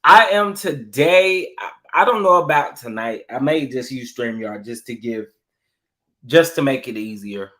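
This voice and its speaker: Man, livestream host, animated and chatty, unhurried delivery, middle pitch. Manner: animated, repetitive, talks straight to the chat. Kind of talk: casual livestream chat with viewers.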